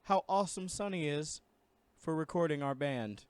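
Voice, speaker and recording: A man's voice: a little high, normal speed, a little mellow, clean tone, dry recording. Man, young adult, podcast co-host, easygoing rambling chat, dry close sound. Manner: laid-back, rambling, fond of jokes. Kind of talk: casual chat.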